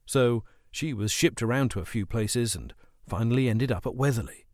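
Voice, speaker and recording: A man narrating a children's adventure story as an audiobook, with expressive storytelling. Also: mid-range voice, moderate pace, dry recording, clean studio sound.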